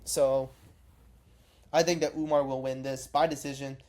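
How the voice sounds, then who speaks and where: A man's voice: medium pitch, flat delivery, moderate pace, darkish tone. A man casually giving his takes in a vlog, rambling, cursing and correcting himself mid-sentence. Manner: rambling, profane, self-correcting. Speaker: MMA reaction vlogger.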